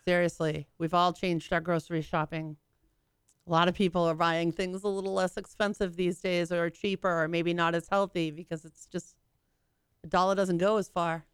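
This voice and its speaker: A woman's voice: lowish voice, little pitch movement, clear, resonant tone, dry recording, clean studio sound. A woman co-hosting a live talk show in casual chat, chiming in with short, chatty remarks. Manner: chatty, quick to laugh and chime in with short remarks. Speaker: co-host.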